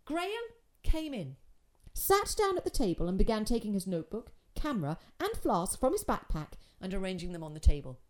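A woman's voice: medium pitch, very animated, brisk. A woman narrating a story in a dry, wry storytelling manner.

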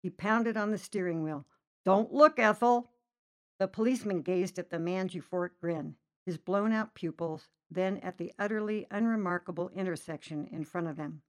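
A woman reading a short story aloud, narrating lively and voicing the characters' lines herself. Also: normal speed, few pauses. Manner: lively, voices characters with raised pitch. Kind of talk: storybook narration with acted dialogue.

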